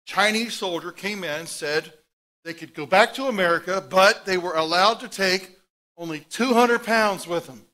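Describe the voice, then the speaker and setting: High, bright-voiced preaching man. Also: moderate pace. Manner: animated storytelling, swinging from loud outbursts to hushed asides. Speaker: pastor. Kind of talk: sermon.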